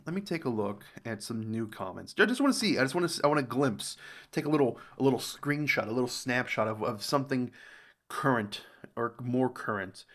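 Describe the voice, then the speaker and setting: An American man talks through a reaction video in loose, rambling commentary. His voice sits in an ordinary middle pitch but leaps up high when something surprises him. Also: brisk. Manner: rambling, thinks aloud, animated jumps in pitch. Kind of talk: casual commentary reading comments.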